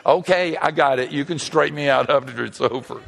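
A man's voice: a little high, fairly quick, creaky. An older man preaching a humorous sermon, telling stories and joking with the crowd. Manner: animated storytelling, joking with the crowd. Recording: long hall reverb.

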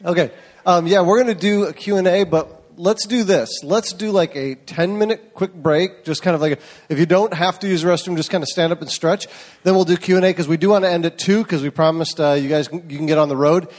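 A man making relaxed announcements to a crowd as an event organizer. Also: sits high, brisk.

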